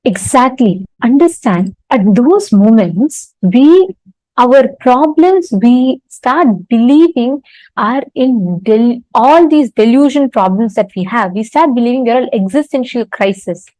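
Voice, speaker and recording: Slow-spoken woman giving a spiritual talk. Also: fairly high pitch, expressive, dark tone, no echo, poor audio. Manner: slow and deliberate, with fillers and direct questions to the audience. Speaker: spiritual teacher.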